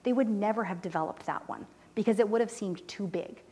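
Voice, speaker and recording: A woman telling a mission story in a sermon, animated and emotional, dropping to near-whispers when moved. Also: medium pitch, brisk, husky. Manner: animated storytelling, voices quoted people, drops to soft near-whispers; emotional, close to tears. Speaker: church speaker reporting on mission trip. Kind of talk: sermon testimony.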